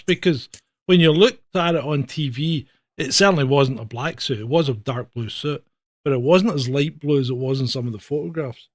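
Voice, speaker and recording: A man hosts a casual news livestream in a blunt, sarcastic way and swears freely. His voice sits a bit high for a man. The sound is close and dry, with no room in it. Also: no room sound.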